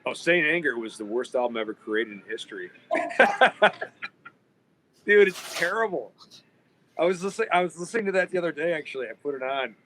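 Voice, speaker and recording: A man's voice: a little high, animated, fast talker, a bit bright, slight background noise, low-quality recording. A man hosting a podcast in casual chat, telling rambling stories with plenty of swearing. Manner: rambling, profane storytelling. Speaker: podcast host.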